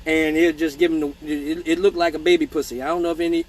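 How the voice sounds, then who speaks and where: A man's voice: on the high side, level tone, quick pace. A man, a male exotic dancer, hosting a live question-and-answer show and telling a rambling, profane story with joking asides to his viewers. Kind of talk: casual storytelling on a livestream.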